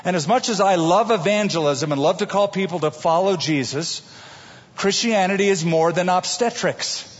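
A man preaching a sermon as pastor, telling it in an animated way with homey everyday examples. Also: high voice, moderate pace. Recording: dull recording with long hall reverb.

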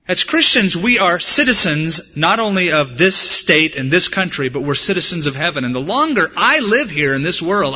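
Male pastor from the States, sermon delivery, earnest with touches of humor, sharp ringing tone, muffled recording with long reverb. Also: on the high side, husky. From United States. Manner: earnest preaching mixed with humorous personal stories. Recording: dull, echoey church hall recording.

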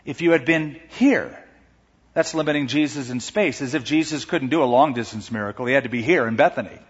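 A man's voice: mid-range voice, brisk, slightly rough. A man preaching a sermon, who acts out the sisters' words with dramatic emphasis. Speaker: pastor. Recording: muffled recording with long hall reverb.

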